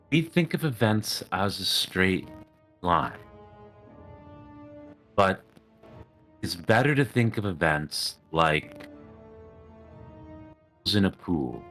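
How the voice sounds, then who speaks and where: A man voicing a composed, aloof woman sage in a tower, measured and faintly condescending. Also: sits low, big pitch swings, fairly bright tone, faint music behind, exaggerated voice.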